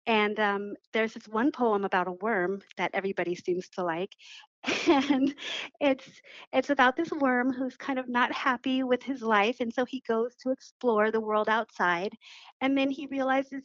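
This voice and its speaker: Animated woman poet on lo-fi radio. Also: a little high, a little slow, no room sound. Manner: animated storytelling, laughs while talking. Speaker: poet and author guest. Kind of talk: radio interview.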